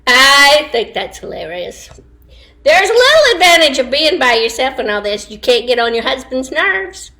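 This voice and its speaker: A woman's voice: high-pitched, big pitch swings, normal speed, sharp tone. A woman chatting casually to online viewers from home, laughing often and wandering into asides. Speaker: livestream host. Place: home, indoors.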